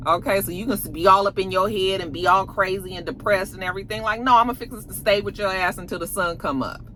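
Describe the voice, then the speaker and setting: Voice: medium pitch, steady tone, quick pace, bright, forceful tone, natural voice. A reviewer putting on a desperate young man pleading. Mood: insistent. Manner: pleading, insistent.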